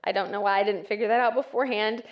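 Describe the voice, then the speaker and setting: A woman's voice: medium pitch, fairly even intonation, racing, dull audio. Chatty woman speaker, lots of ums. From West Texas. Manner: chatty, self-deprecating, frequent ums. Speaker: church speaker. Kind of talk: conversational talk to an audience.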